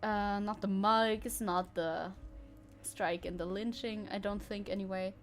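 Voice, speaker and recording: A woman's voice: medium pitch, fairly even intonation, a little slow, soft background music. A woman streamer giving casual gameplay commentary, chatty and giggly, thinking aloud. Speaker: VTuber streamer.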